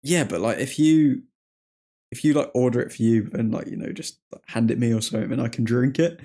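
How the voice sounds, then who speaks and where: A man voicing a hesitant young male pub-goer in a hushed, halting way. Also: medium pitch, natural voice. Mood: sheepish. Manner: hushed, hesitant, full of likes.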